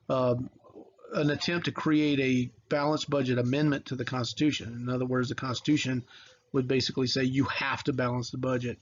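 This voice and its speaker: A man's voice: medium pitch, dull audio, slight background noise. A man teaching a recorded history video lesson in a casual, rambling way with lots of fillers and restarts.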